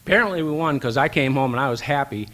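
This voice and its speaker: A man's voice: mid-range voice, fast. Man telling stories at a banquet. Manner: animated anecdotes acting out dialogue. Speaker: banquet speaker. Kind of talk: storytelling speech. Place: event hall.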